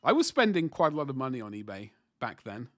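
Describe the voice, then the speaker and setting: A man's voice: mid-range voice, very animated, fast, a bit bright, dry recording, clean studio sound. A man in his forties chatting casually on a livestream while painting miniatures, rambling and self-deprecating as he answers chat. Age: 40s.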